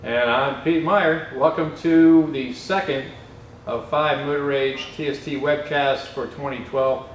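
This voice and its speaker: A man's voice: mid-range voice, steady tone, measured pace. Man hosting in an echoey repair shop. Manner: conversational, explains with practical examples. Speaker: webcast host. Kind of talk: casual technical discussion. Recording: echoey shop, distant mic, faint noise.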